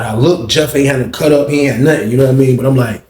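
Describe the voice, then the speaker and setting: A man telling a story casually, animated and slangy, acting out the quotes. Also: mid-range voice, very fast. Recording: roomy echo with faint ambience.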